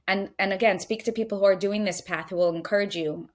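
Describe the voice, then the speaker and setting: A middle-aged woman speaks in a mid-pitched voice, earnest and emphatic as she shares teachings. She circles back with repeated phrases and slips into the voices of her own fears. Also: fairly quick, few pauses. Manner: earnest, repetitive, emphatic, acts out inner voices. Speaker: podcast guest, Jewish teacher. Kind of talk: heartfelt conversational teaching.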